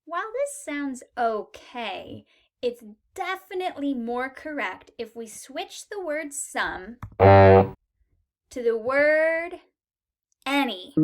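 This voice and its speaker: A woman's voice: high voice, very animated, slow pace. A woman teaching a beginner English lesson, modelling short sentences patiently and stressing key words. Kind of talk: slow, clear language lesson.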